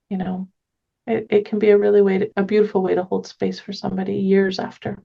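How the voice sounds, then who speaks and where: A woman talking earnestly as a podcast guest, gentle and often restarting her sentences. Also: mid-range voice, level tone, quick pace, gravelly, highs cut off. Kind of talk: casual conversation.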